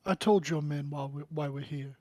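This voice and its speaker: A man's voice: a little high, moderate pace, dark tone, no echo, lightly acted. A man voicing an indignant, formal adventurer who poses as a drow envoy.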